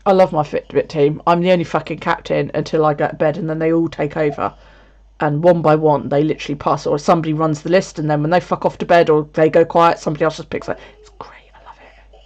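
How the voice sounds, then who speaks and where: Speaking fast in a low, level, darkish voice, a UK woman who makes videos chats casually with viewers from home. She swears freely and laughs frequently, and the sound is dull and lo-fi.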